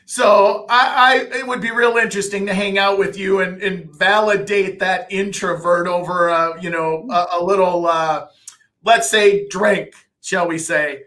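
Bright, high-voiced male podcast host. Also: steady tone. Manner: eager, with halting fillers and restarts. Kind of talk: podcast interview hosting.

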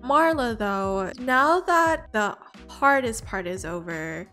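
Slow-talking high-voiced woman gamer. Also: faint music behind. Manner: chatty, gasps and squeals at exciting moments. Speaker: gaming channel host. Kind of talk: let's play commentary with face cam.

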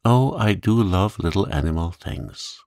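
A man voicing a kind, imaginative young girl who talks in a soft, coaxing, crooning way. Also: sits low, animated, measured pace, gravelly, dry recording, studio quality, heavily acted. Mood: tender, playful.

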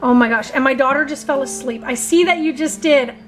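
A woman's voice: sits high, brisk, faint music behind. A woman in her thirties vlogging at home, gushing breathlessly and talking straight to her viewers on a handheld camera. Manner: gushing, breathless, keeps saying "you guys". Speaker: family vlogger. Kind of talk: excited casual vlog.

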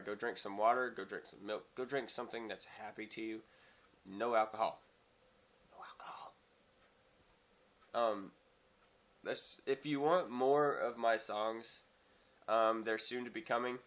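Man, slightly low voice, hesitant soft-spoken vlogger, phone-recorded. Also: fairly even intonation, normal speed. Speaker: channel host. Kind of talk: casual talk to camera.

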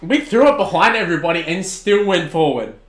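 An Australian man in his twenties streaming a football video game, shouting at the plays and then chatting casually with viewers. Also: high voice, brisk, roomy sound, slight background noise. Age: 20s. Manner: excitable, swings from shouting at the game to relaxed chat. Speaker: gaming streamer. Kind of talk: live-stream commentary and chat replies.

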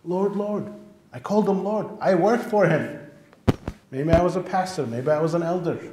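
Emphatic preacher in an echoey church. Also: male voice, on the high side, a little mellow, slight background noise. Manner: emphatic preaching, repeats phrases for stress. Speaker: pastor. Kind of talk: sermon. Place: church sanctuary.

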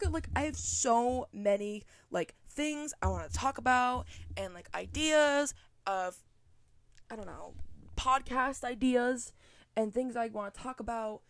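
A woman's voice: fairly high pitch, dry recording. Rambling young woman podcasting into a cheap mic. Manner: rambling, swears freely, self-deprecating jokes. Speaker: podcast host. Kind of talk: casual off-the-cuff chat. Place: home. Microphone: cheap USB microphone.

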